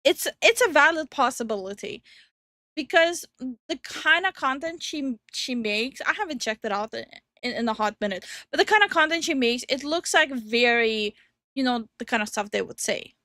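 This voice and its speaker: A young woman with a high, bright voice chats through a reaction stream, giggling often and talking in animated bursts. The sound is close and dry, with no room around it. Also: no room sound. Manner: giggly, animated, quick to laugh. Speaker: VTuber co-host. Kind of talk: casual reaction commentary.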